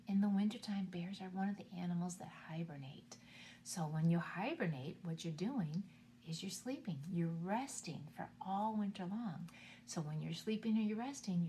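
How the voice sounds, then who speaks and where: A woman hosting a preschool show, reading a picture book aloud in a gentle, sing-song voice and asking the children questions. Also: mid-range voice, normal speed, a little hiss or hum.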